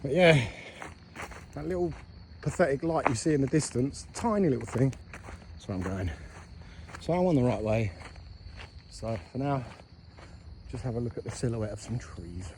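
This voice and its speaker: A man's voice: mid-range voice, lively intonation, moderate pace, pauses often, background noise. A man with a British English accent, rambling in a casual, self-mocking way as a travel vlogger while walking outdoors at night. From England, raised there from about age four. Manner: chatty, self-mocking, drifts between topics. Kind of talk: casual rambling vlog talk. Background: crickets and insects.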